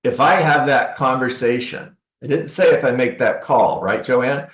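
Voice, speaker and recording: This real estate coach speaks at normal speed in a mid-range voice, and the room gives it a spacious sound. Before a live seminar audience, he lively acts out sales calls, punctuated by sarcastic comments.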